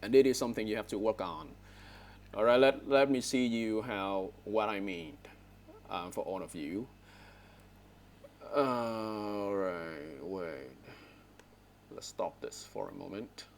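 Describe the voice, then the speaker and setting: A man's voice: lowish voice, slow pace, long pauses, a little hiss or hum. Man teaching English online. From Vietnam. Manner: corrective, repeats words and frequent "all right?" checks. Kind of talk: online speaking lesson. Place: online video class. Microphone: headset.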